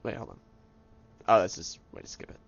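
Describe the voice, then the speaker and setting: A young man commentating on his own gameplay in an excitable, self-mocking way, muttering to himself between outbursts. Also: brisk, dry recording, highs cut off. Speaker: let's play gamer. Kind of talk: let's play commentary. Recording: game music playing behind.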